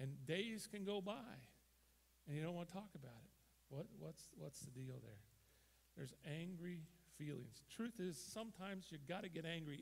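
A man preaching a sermon as pastor, emphatic, swinging from loud bursts to quiet, gravelly delivery. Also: sits high. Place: church sanctuary.

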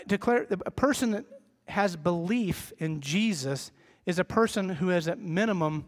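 A middle-aged man delivers a sermon to his congregation in a relaxed, conversational way, often laughing at his own faults. His voice sits high for a man. The sound carries a long reverb from the church hall. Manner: conversational, self-deprecating, acts out quoted voices. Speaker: pastor.

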